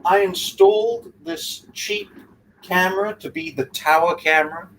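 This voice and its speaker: A man from Wales, a guest on a casual live stream, talking in a halting way with many restarts and slightly formal phrasing. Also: high voice, crowd noise, low-quality recording.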